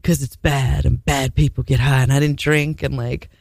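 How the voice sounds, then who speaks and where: A woman's voice: extremely low pitch, little pitch movement, moderate pace, creaky, a little mellow, no room sound. A woman telling a rambling, self-mocking story in casual radio chat.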